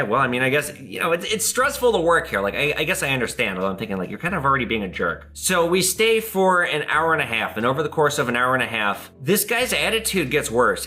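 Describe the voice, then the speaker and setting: A man who hosts a pawn shop show, telling a story casually to camera in an animated way and acting out the people he quotes. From Minnesota. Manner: animated, acts out quoted people with big jumps in pitch. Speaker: pawn shop owner and host.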